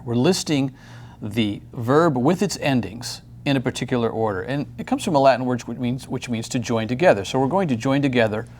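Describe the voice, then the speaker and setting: A man's voice: medium pitch, darkish tone, a little hiss or hum. Friendly male grammar teacher. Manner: friendly, upbeat, explains step by step. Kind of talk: recorded grammar lesson.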